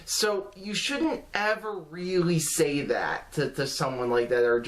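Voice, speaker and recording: A man vlogging casual advice to camera in an earnest, halting way, with many restarts and fillers. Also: a little high, sing-song, fairly bright tone.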